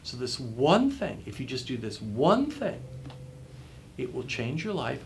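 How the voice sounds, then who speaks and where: A man interviewed as a guest author talks at a measured pace in a creaky, medium-pitched voice with big pitch swings. His answers are emphatic motivational advice, with phrases repeated for effect, over slight background noise.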